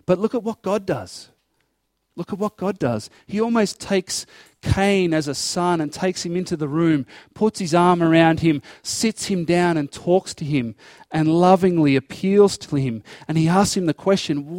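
A man's voice: fairly high pitch, normal speed, a little mellow, dry recording, clean studio sound. A man preaching a sermon, explaining scripture verse by verse and acting out dialogue in an earnest tone. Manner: earnest expository preaching, acting out God's voice in quotes.

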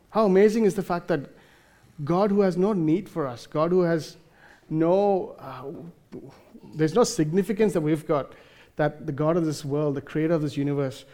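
Earnest preacher man, mellow voice. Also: a little high. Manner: earnest, emphatic, with frequent fillers and restarts. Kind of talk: sermon.

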